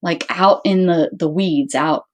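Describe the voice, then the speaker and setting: A woman's voice: fairly low pitch, unhurried, highs cut off. A woman hosting her own channel, casually telling a story to her viewers, acting out what everyone said and restarting her sentences often. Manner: animated, acts out quoted dialogue; rambling with frequent restarts. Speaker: channel host.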